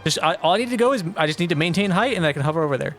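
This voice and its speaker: A man's voice: on the high side, lively intonation, racing, a bit bright, faint music behind. A young man streaming a video game, talking to chat and getting frustrated, swearing and exclaiming at the game. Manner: talks back to chat. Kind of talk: live gameplay commentary.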